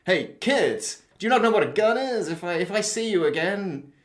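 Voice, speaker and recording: A man's voice: high-pitched, animated, normal speed, pitched above the performer's own voice. A man doing a brash, swearing tough guy. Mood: threatening. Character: gruff threatening male bystander. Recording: echoey room, background noise.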